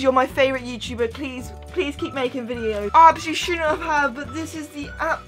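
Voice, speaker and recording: A young woman vlogging as she unboxes fan mail, gushing and chatty with bursts of squealing excitement. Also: sits high, brisk, few pauses, faint music behind. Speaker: YouTuber.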